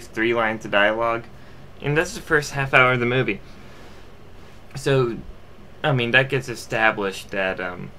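Young male amateur reviewer, bright tone, loose unscripted rambling. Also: fairly low pitch, a little hiss or hum. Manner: rambling, full of fillers and restarts. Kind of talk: casual movie review.

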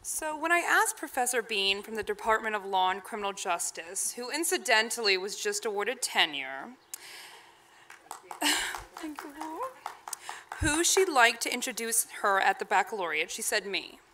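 A woman's voice: on the high side, animated, normal speed, pushed and bright. Playful young woman introducing a speaker. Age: young adult. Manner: playful storytelling. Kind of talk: ceremony introduction.

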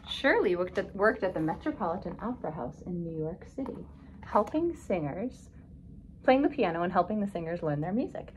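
A woman reading a children's picture book aloud, expressive and stopping to ask her young listeners questions. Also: on the low side, normal speed, a little hiss or hum, rough recording. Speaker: storybook reader.

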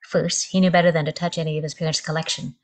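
A woman author reads her story in a measured, descriptive manner. Her voice sits very low for a woman. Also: little pitch movement. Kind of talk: reading fiction aloud.

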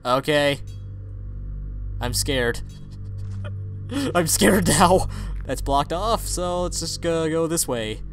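Playful slow-talking male gamer. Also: on the high side, lively intonation, faint music behind. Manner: playful, mock-scared, reads game text aloud and jokes. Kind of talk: let's play commentary.

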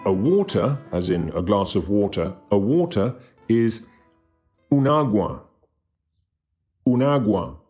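A man giving a scripted language lesson who slowly and carefully demonstrates how to pronounce each word. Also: lowish voice, lively intonation, darkish tone, faint music behind. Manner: slow, careful demonstration of pronunciation. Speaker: language teacher.

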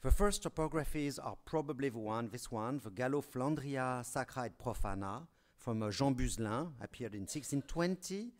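A man's voice: mid-range voice, expressive, normal speed. A man with a French accent giving a conference talk, hesitant and apologetic, often restarting sentences. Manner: hesitant, many restarts and fillers; apologetic, self-deprecating humor. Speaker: academic speaker.

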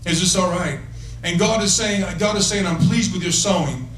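In a church conference hall, a male evangelist preaches prophetically to individuals, emphatic and playful, repeating "listen" often and laughing between points. His voice is high and a bit bright at normal speed, with soft background music, and the mic picks him up from far off in an echoey hall.

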